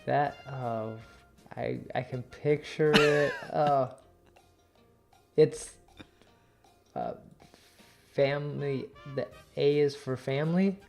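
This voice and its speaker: A man's voice: mid-range voice, slow, gravelly, long pauses, music in the background. A man co-hosting a podcast, guessing quiz answers casually and thinking aloud. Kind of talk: casual chat.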